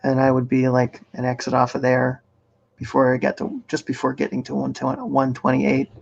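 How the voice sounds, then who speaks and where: A man hosting a casual live-stream chat, explaining things step by step in a relaxed way. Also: mid-range voice, moderate pace, vocal fry, muffled recording. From Boston area, Massachusetts. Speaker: host running a video challenge.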